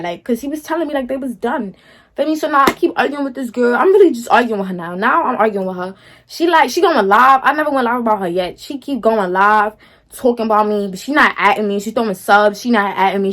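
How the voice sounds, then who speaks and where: A young woman telling a personal story to her viewers in a sassy, slangy, dismissive way, often checking in with "feel me?". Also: mid-range voice. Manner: slangy, talks straight to viewers, keeps asking "feel me?". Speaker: storytime vlogger.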